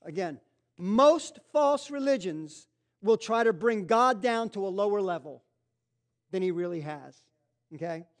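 Male pastor, very high voice, emphatic teaching sermon, quizzes the room, repeats his points. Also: animated. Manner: swings from loud stressed points to low quick asides. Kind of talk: sermon-style Bible teaching.

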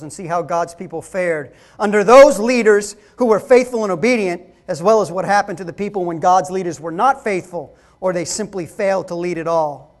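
A man preaching a sermon, emphatic and calling the congregation folks. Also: high-pitched.

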